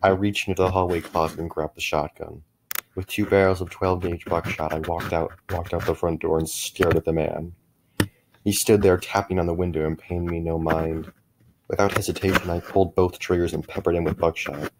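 A middle-aged man with a very low, deep voice reads a first-person horror story. His delivery is measured, and he often stumbles and restarts small phrases. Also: little pitch movement, noisy background. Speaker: narrator.

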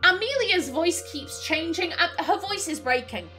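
A woman's voice: very high voice, lively intonation, a little slow, bright, forceful tone, soft background music. A woman casually commenting while playing a video game, with chatty, amused asides. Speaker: let's play host.

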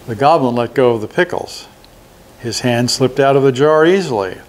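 A man's voice: mid-range voice, normal speed, a little hiss or hum. Older man reading a storybook aloud.

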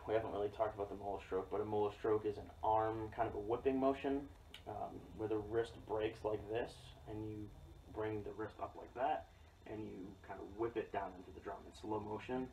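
Low-voiced man teaching drum rudiments. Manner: relaxed, explanatory, frequent "okay?" checks. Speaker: drum instructor. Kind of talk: casual instructional demo. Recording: distant mic with loud noise and drum clicks.

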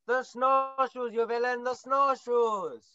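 A young woman voicing a brave, gruff little male cinnamon bear in a school play, bossy and mock-ferocious. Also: fairly high pitch, steady tone, slow pace, pushed and bright, no room sound, highs cut off. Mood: indignant. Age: young adult. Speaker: student actor. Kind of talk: stage play acting.

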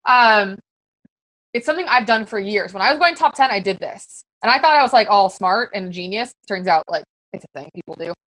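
A woman's voice: medium pitch, lively intonation, brisk, fairly bright tone, no room sound, rough recording. A woman coaching fellow fitness coaches in a casual, very conversational way, full of fillers. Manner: very conversational, chatty with many fillers.

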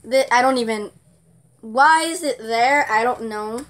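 A woman's voice: fairly high pitch, a little slow, fairly bright tone. A woman reviewing a product in casual chat, sarcastic and giggly, often exasperated.

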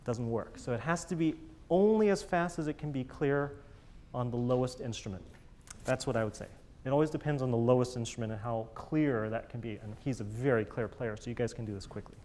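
A man's voice: mid-range voice, brisk, a little mellow, slight background noise. A man teaching a chamber music master class, encouraging the players and singing phrases in scat syllables. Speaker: bass teacher coaching a chamber group.

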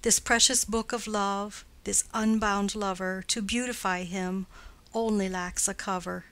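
A woman reading as Lady Capulet, slow and stately. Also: mid-range voice, fairly even intonation, fairly bright tone. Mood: persuasive. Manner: measured verse recitation. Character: noble middle-aged mother urging a match, stately.

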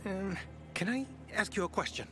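A man's voice: sits high, moderate pace, pushed and bright. An actor playing a curious, earnest young male villager in a video game, asking questions eagerly. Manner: inquisitive, earnest. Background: game music.

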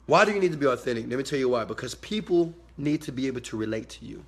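A man giving a motivational talk to his viewers, emphatic and preachy, swinging from quiet asides to loud shouted bursts. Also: mid-range voice, animated, quick pace, husky. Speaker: motivational speaker.

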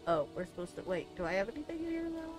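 A woman's voice: mid-range voice, sing-song, quick pace, soft background music. A woman from the United States streaming a game, chatting casually with profane, joking banter. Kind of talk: casual let's-play chat.

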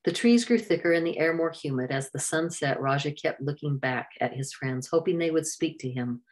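A woman narrating a children's adventure storybook in a steady, clear reading voice. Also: low-pitched, moderate pace.

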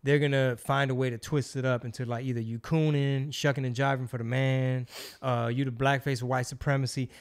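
A man hosting a podcast, talking in a casual, slangy and opinionated way. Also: medium pitch. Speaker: podcast host.

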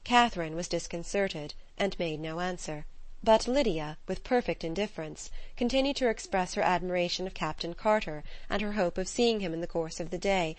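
A woman narrating a classic novel in an even, measured reading voice. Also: lowish voice, dry recording. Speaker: audiobook narrator. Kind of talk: scripted narration.

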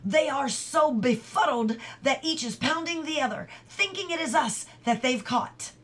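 A brave young boy urges his friends on in a storybook read-aloud, voiced by a woman. He speaks fast and urgently, a little higher and louder than the reader's own voice. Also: animated. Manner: urgent, hurried.

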